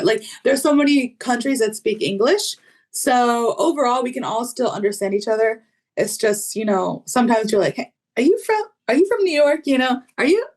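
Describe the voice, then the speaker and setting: An American woman from the South who teaches English, talking in a casual interview with chatty fillers and lively acted-out quotes. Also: medium pitch. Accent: neutral American, faint Southern roots. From Southern United States.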